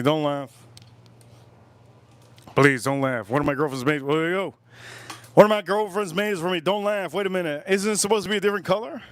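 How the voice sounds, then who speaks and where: Rambling man on a crude livestream. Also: on the high side. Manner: rambling, repeats himself, crude jokes. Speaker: livestream host. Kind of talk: casual livestream chat while drinking.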